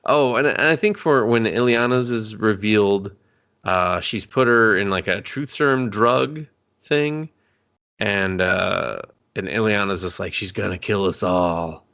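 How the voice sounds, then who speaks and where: A man's voice: on the low side, measured pace, gravelly, a bit bright, smooth. A man co-hosting a casual movie review podcast, swearing freely, laughing often and acting out characters' lines. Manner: laughing, profane, acts out characters in quotes. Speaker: podcast co-host.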